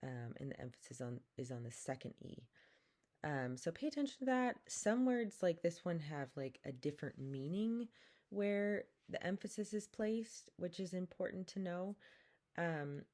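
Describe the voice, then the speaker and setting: A woman teaching a language lesson, saying each vowel slowly and repeating words for the listener to copy. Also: on the low side, expressive, darkish tone. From Pacific Northwest, Coast Salish community. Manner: slow and careful, repeats each sound, drawn-out demonstrations. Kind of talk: slow, patient vowel lesson with call-and-repeat.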